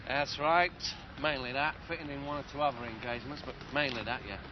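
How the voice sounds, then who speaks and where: A man's voice: mid-range voice, quick pace, natural voice. An actor playing a veteran male footballer with a Cockney accent, polite but guarded. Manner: guarded, polite, media-trained. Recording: lo-fi with very loud traffic noise.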